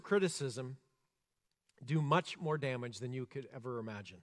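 A man preaching a sermon, earnest, rising to emphasis and dropping soft and slow. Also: mid-range voice, lively intonation. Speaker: pastor. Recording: long reverb of a church hall.

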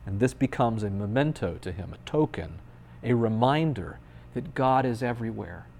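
A man's voice: mid-range voice, expressive, normal speed, vocal fry, darkish tone, slight background noise. A man in his thirties, a pastor giving a conversational sermon with playful, dry humor.

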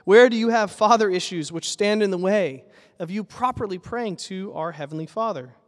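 A pastor preaching a sermon in an earnest, emphatic way, building with repeated phrases. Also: male voice, sits high, normal speed, in a large hall.

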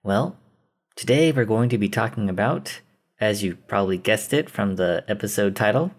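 Low-voiced, relaxed male podcast host. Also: normal speed. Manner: relaxed, amused, often laughing along. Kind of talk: casual chat.

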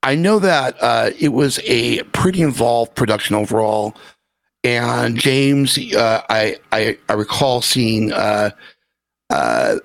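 Man interviewer, gravelly, halting with lots of ums, dry close sound. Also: mid-range voice, very animated, no room sound. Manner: halting, many fillers and restarts. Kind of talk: casual interview.

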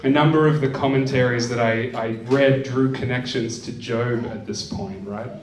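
A man's voice: medium pitch, fairly even intonation, normal speed. A man gives a conversational teaching talk on a psalm, often checking in with his listeners. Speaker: lecturer on the Psalms. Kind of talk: teaching talk with scripture reading. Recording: echoey room, mic at a distance.

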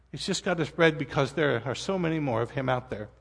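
A man's voice: a little high, expressive, moderate pace, gravelly, big-room sound. A male pastor giving an earnest, vulnerable sermon appeal, at times near tears. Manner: earnest, vulnerable, self-deprecating. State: tearful at times. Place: church auditorium.

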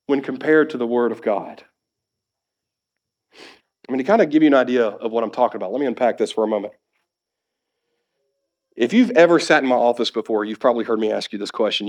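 A man who is a pastor, preaching a sermon that swings between emphatic exhortation and soft, conversational asides. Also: medium pitch.

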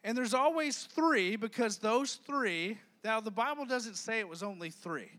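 A man preaching to a youth group, shifting from a soft, low prayer into loose, humorous storytelling. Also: expressive, unhurried. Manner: prays softly, then tells stories with humor. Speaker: youth pastor.

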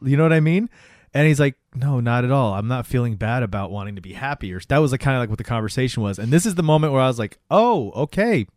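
Relaxed mid-pitched co-host recapping a show. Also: fast talker, no room sound, clean studio sound. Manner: relaxed, frequent short agreements. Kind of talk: casual chat.

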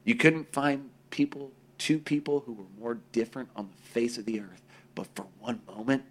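A man's voice: medium pitch, moderate pace. Casting: a loose, foul-mouthed podcast co-host, a man who jumps into quoted voices. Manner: profane, animated, acts out quoted voices. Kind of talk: casual conversation.

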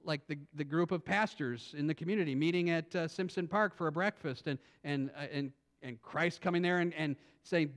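A male pastor preaching a sermon, animated, swinging from quiet thinking-aloud asides to loud emphatic lines. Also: fairly high pitch, moderate pace. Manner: repeats words and restarts as he thinks aloud.

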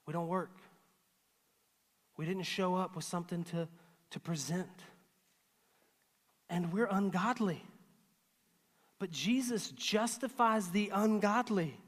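A male pastor preaching a sermon, swinging between loud emphatic lines and hushed, earnest asides. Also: high-pitched, takes it slowly, pauses often. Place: church auditorium. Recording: long hall reverb.

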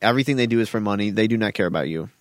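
A man's voice: on the low side, racing, no echo, studio quality. A young man, a guest on a podcast, ranting emphatically during casual chat.

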